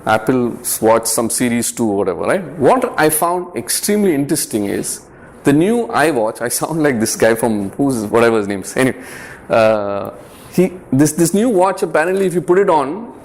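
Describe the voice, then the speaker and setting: Man, youth group speaker, slightly raised pitch, earnest, chatty, keeps asking "yeah?". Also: animated, moderate pace, darkish tone. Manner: repeats words and checks in with "yeah?" and "right?"; conversational, earnest, lightly humorous. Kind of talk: informal faith talk to a youth group.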